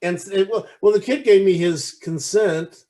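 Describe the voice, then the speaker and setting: A man's voice: high voice, normal speed, mellow. A man co-hosting a podcast, chatting casually with lots of restarts and fillers, acting out quoted lines while retelling a movie. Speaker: podcast co-host. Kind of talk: casual chat.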